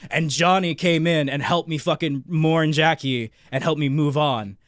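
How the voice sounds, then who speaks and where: A man co-hosting a podcast, telling a long, excitable story in casual chat with constant swearing and restarts. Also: fairly high pitch, moderate pace, no room sound, studio quality. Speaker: podcast co-host.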